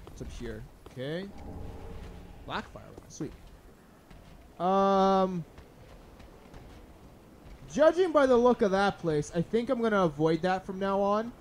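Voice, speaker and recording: Young man, high lively voice, unhurried drawl, swears and yells at enemies, let's play commentary, faint noise behind. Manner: swearing, yelling at enemies, sudden pitch jumps. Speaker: gaming channel host.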